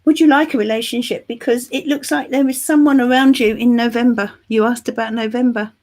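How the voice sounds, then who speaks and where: A woman's voice: a little high, steady tone, a little fast, a little mellow. A middle-aged woman from England, getting over the flu, reading tarot cards live and chatting affectionately with viewers. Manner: chatty, affectionate, calls viewers love and darling. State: recovering from flu. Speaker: tarot reader and channel host.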